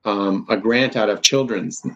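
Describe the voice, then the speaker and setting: A man's voice: on the low side, measured pace. A man, a university professor, talking candidly and with self-deprecating humor in an interview. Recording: dull lo-fi sound.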